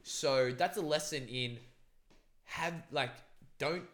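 A man's voice: fairly high pitch, slow pace, fairly bright tone. A young man, chatting casually and recounting a dream in a rambling, profane way, full of fillers.

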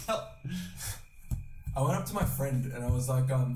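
A young man hosting a podcast, telling a long rambling story with lots of swearing and loudly acted-out quotes. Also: mid-range voice, a little fast, long pauses, music in the background. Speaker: podcast host. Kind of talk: casual storytelling chat. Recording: echoey room, distant mic.

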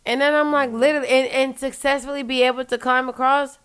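A woman joins in to retell a story. She speaks emphatically, swears often and leans on the word literally. Her voice is fairly high, smooth and clear. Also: little pitch movement, fast, fairly bright tone. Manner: emphatic, profane, repeats "literally". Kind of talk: casual storytelling chat.

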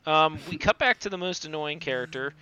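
Bright, crisp-voiced sarcastic man on a dull mic. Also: a little high, a little fast. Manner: sarcastic, hesitant. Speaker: podcast co-host. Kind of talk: casual podcast chat.

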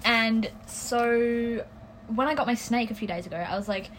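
A woman's voice: on the high side, normal speed, a bit bright, a little hiss or hum, low-quality recording. A young woman co-hosting a casual podcast chat, rambling through stories, swearing often and laughing as she talks. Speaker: podcast co-host.

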